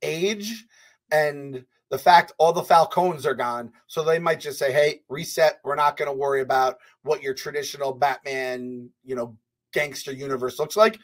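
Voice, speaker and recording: A man co-hosting a podcast in casual chat, excitable and rambling, swearing freely with lots of fillers. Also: mid-range voice, normal speed. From US Northeast. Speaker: podcast co-host.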